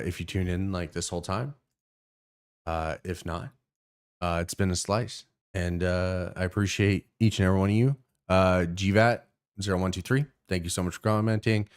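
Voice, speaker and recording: A man's voice: low voice, clear, resonant tone. Rambling, profane young man streamer. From Canada. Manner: profane, rambling, many fillers and restarts. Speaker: streamer host. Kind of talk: casual rant to stream viewers.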